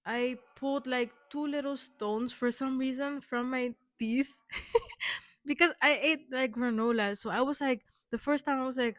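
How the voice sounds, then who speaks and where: Young woman vlogger, slightly high voice, loose rambling delivery full of fillers, dry close recording. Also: normal speed, fairly bright tone, no room sound. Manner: rambling, lots of fillers and restarts, affirming. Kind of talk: rambling personal vlog.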